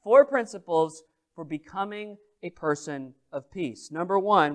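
A man's voice: on the high side, normal speed. A man preaching a sermon as pastor, telling a story and asking the congregation questions. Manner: animated, addresses the congregation directly.

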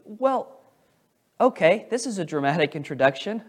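A man preaching a sermon as pastor, animated, with restarts as he paraphrases scripture and swings between loud emphasis and quiet asides. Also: on the high side, normal speed.

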